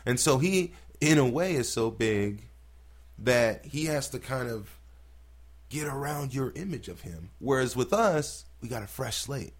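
A man's voice: mid-range voice, a little slow. A man, a stand-up comedian, telling stories in casual podcast talk, swearing freely and acting out what people said. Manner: profane, animated storytelling with acted-out quotes.

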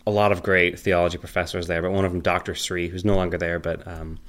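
A fast-talking man in his thirties rambles through family stories during a casual chat. Whenever he quotes someone, he switches to an animated, high-pitched voice.

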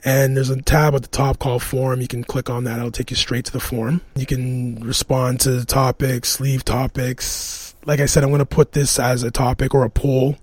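A man's voice: medium pitch, level tone, moderate pace, hardly any pauses, a little mellow, dry recording. Laid-back man telling a story, dry mic. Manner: rambling, laughs often, restarts. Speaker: podcast host. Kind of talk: casual storytelling monologue.

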